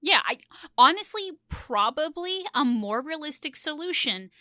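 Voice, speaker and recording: Bright chatty woman on a dry mic. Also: sits high, a little slow, no room sound. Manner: chatty and animated, laughing often. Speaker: YouTuber and podcast co-host. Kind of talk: casual gaming podcast chat.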